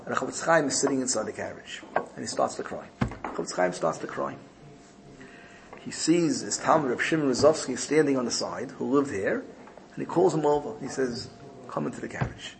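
A man's voice: mid-range voice, expressive, brisk, creaky, noisy background. A man giving a Torah lesson in sermon style, telling a story emphatically and often repeating his phrases. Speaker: Torah teacher.

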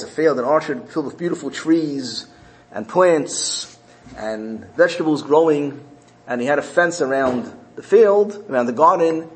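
Recorded in low quality, this mid-range-voiced man gives a Torah class built around stories. He narrates earnestly and animatedly, dropping in Hebrew terms.

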